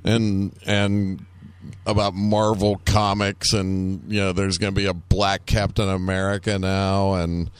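A man with a low voice hosts a talk show. His banter is crude and sarcastic. The studio sound is dry and close. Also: flat delivery, a little slow, clear, resonant tone, no echo. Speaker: radio show host. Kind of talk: casual chat.

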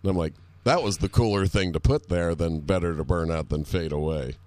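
A man's voice: deep voice, brisk, darkish tone, dry recording. A man co-hosting a casual chat, rambling with restarts and casual swearing.

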